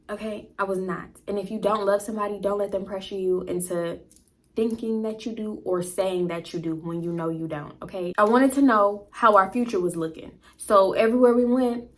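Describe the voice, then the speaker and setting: A woman vlogger telling a storytime tale, animated, slangy and profane. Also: medium pitch, brisk. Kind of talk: casual storytime.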